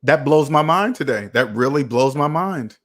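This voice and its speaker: A man's voice: fairly high pitch, expressive, moderate pace. A man hosting a personal finance livestream, talking emphatically to his chat, repeating points and asking rhetorical questions.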